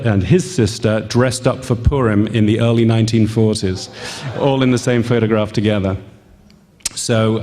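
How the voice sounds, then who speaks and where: Guy telling a story on stage, lots of ums, self-deprecating, big hall echo. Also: fairly low pitch. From England. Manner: halting, with frequent ums and gentle self-mocking humor. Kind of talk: personal story told to a live audience. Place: event hall. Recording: long reverb in a hall.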